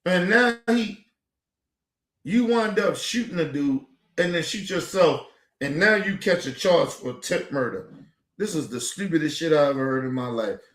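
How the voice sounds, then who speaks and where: A man ranting on his stream, voice pitched a bit high, swearing freely and hammering the same points again and again. The room around him rings with echo. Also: moderate pace. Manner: profane, animated, repetitive. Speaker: streamer host. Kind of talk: heated commentary.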